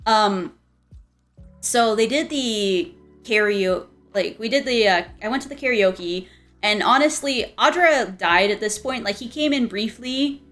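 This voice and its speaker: A young woman streams casual chat in a fairly high voice, rambling through stories with lots of restarts and little giggles. Faint music plays quietly behind her. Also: animated, unhurried.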